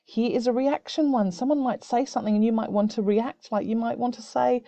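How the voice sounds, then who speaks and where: A woman who teaches young students, explaining a video-call tool step by step in a gentle, encouraging way. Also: fairly high pitch, fairly even intonation, brisk, creaky, hardly any pauses, dry recording, dull audio. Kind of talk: screen-recorded tutorial for children. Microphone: computer mic on a video call.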